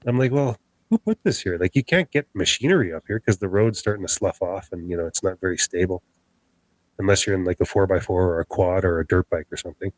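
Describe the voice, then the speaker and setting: Low-voiced man telling a spooky story. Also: quick pace, dry recording, poor audio. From Canada. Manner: animated, acts out quoted dialogue. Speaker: podcast guest. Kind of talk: storytelling an encounter.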